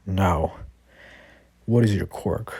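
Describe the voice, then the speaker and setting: A man voicing a calm, older male hero leader in a fan-made spoken story, reading the quoted lines in a plain, slow, husky voice. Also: deep voice, dry recording, exaggerated voice.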